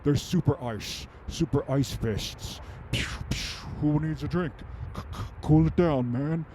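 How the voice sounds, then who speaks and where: A man's voice: fairly high pitch, a little slow, dark tone, slight background noise, close to an everyday voice. A man playing a goofy adult male superhero who muses aloud in a rambling way and makes his own sound effects, in an improvised comedic monologue.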